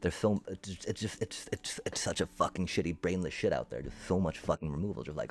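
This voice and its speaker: A man's voice: rumbling low, lively intonation, moderate pace, vocal fry. A male streamer ranting to his chat, angry and profane, swearing through his frustration. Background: faint music.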